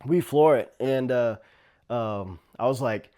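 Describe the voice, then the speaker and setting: A man from the Navajo Nation tells stories from his years as a tribal police officer, with a voice of middling pitch. His telling is loose and animated. He laughs often and breaks into loud shouts when he plays back what people said. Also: slow pace. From Navajo Nation, US Southwest. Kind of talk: casual storytelling.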